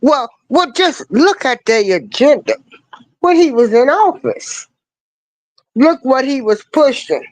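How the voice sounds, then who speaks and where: An older woman, an online commentator, delivers a long, slangy political rant with lively pitch on a rough recording with no echo. She is emphatic, pounding away with repeated rhetorical questions and swinging between rising cries and low asides.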